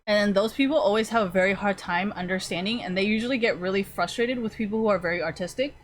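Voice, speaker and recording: A woman's voice: mid-range voice, fast talker, slight background noise. A woman streamer chatting casually with viewers, rambling and swearing often, with lots of fillers. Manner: rambling, profane, frequent fillers. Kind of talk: casual chat.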